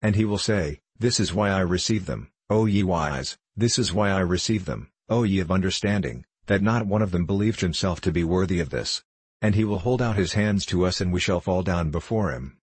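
A man's voice: sits low, moderate pace, slightly rough, dry recording. A man voicing a drunken, self-pitying middle-aged former clerk in an audiobook, rambling and pleading, rising to fervent declaiming. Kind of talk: audiobook character reading.

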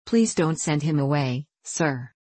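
A woman's voice: deep voice, expressive, measured pace, warm tone, husky, no echo, heavily acted. Earnest young country girl, read by a woman. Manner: earnest, determined.

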